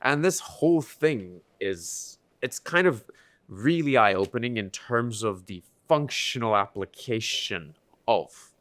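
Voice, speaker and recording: A man's voice: mid-range voice, animated, takes it slowly, a bit bright, no echo. Affable man hosting a podcast. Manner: affable, agreeable, self-deprecating. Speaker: podcast host. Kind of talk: casual podcast interview.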